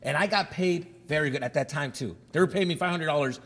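A man co-hosting a studio podcast, telling animated stories in casual chat and mixing in Spanish slang. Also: a little high, quick pace, big-room sound. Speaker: podcast co-host, comedian.

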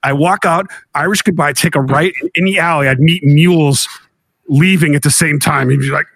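A man's voice: fairly high pitch, moderate pace, breathy edge, no room sound. A man telling stories in casual podcast chat, acting out his friends' lines as he goes. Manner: animated anecdote teller, acts out friends' lines. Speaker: podcast co-host. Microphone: home studio mic, remote recording.

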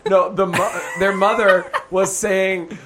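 A man's voice: high-pitched, little pitch movement, takes it slowly, a loud crowd. A man co-hosting a podcast, joking and telling stories with acted-out quotes. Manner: joking storyteller, acts out quotes. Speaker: podcast co-host. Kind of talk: casual chat.

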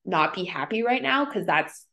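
A woman co-hosting a podcast, chatting casually and chiming in with quick agreement. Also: on the low side, lively intonation, creaky, a bit bright. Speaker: podcast co-host. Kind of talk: casual chat.

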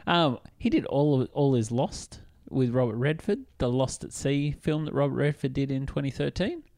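A man hosting a casual podcast, eager and quick to agree. He steers the talk in an even, mid-range voice. The recording is dry and close. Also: mid-range voice, gravelly, no echo. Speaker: podcast host. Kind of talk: casual chat.

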